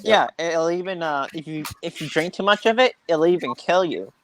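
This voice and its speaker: A man's voice: a little high, normal speed, crowd noise. A man in a casual group chat, earnest and stumbling over words.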